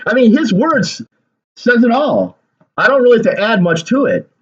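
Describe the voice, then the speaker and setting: A man's voice: a little high, sing-song, moderate pace, dull audio. A man talking through casual political commentary in a rambling way, repeating words and leaning on fillers.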